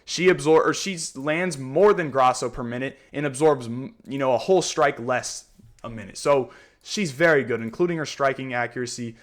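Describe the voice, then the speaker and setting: A man's voice: medium pitch, moderate pace. A man hosting a fight predictions breakdown, talking casually and ranting heatedly, tagging sentences with "man" and "you know what I mean".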